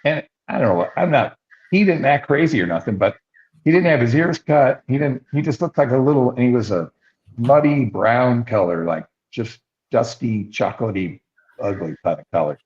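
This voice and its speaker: Older male podcast co-host, rambling anecdotal storyteller, mid-pitched, slightly dull lo-fi sound. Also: animated, moderate pace, a little mellow. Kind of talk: casual storytelling chat.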